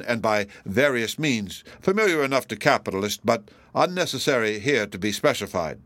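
A pompous elderly judge, smug and formidable, laying out his case in measured, formal sentences, as a male reader speaks him. The voice is dry and close, pitched in an ordinary middle range. He sounds utterly sure of himself. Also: a bit bright, no room sound, lightly acted.

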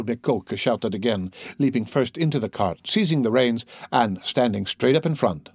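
Male audiobook narrator, expressive and animated, dry booth. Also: mid-range voice, normal speed, slightly rough, dry recording. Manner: expressive storytelling.

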